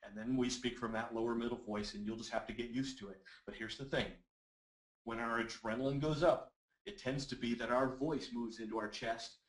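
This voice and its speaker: A man presenting a live webinar, teaching voice exercises with energetic, encouraging talk and reading out audience comments. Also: medium pitch. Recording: roomy echoey webinar audio.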